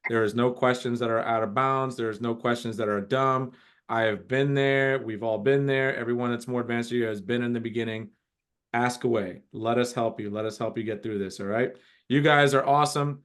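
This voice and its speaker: A man's voice: mid-range voice, fairly even intonation, fairly quick, a bit bright. A middle-aged man hosting a casual group coaching call, talking in an encouraging, rambling way with frequent restarts.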